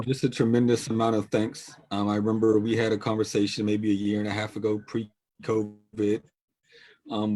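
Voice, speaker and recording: A man speaking as a board member over a video call, earnest and measured. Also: lowish voice, darkish tone. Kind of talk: board meeting remarks.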